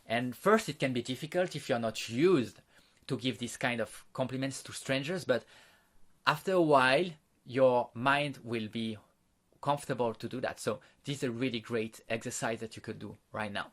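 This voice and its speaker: In an online course lecture, a man with a mid-range, fairly bright voice teaches social skills. He explains things unhurriedly, with frequent fillers and restarts, guiding listeners through exercises and demonstrations.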